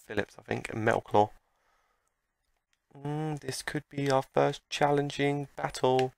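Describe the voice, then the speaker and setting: A man giving gameplay commentary, excitable and talking back at the game as he plays. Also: medium pitch, unhurried, gravelly, smooth, dry recording. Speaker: let's play commentator.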